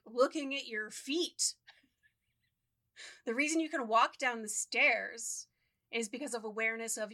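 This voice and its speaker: Woman co-host, bright and raised, excitable and quick, casual chat. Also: fairly high pitch. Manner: excitable, fast, loud-leaning. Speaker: podcast co-host. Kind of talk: casual conversation.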